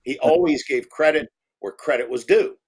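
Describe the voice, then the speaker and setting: A man, a film director, telling animated anecdotes in a casual interview, swearing freely and acting out other people's voices. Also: on the high side, moderate pace, husky.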